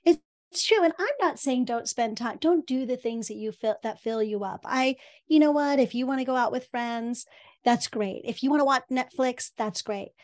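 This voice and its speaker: A woman hosting a podcast, talking in an animated, emphatic and affirming way in casual chat. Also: on the high side, moderate pace. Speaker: podcast host.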